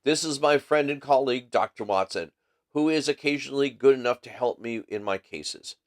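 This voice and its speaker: A man voicing a sharp, cool-headed detective who speaks in a dry, assured way. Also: medium pitch, moderate pace, voice pushed up, natural voice.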